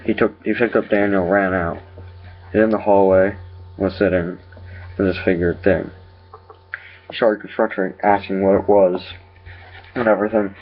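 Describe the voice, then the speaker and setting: Low-voiced man retelling a horror story. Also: little pitch movement. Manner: halting, self-correcting. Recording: lo-fi dull recording.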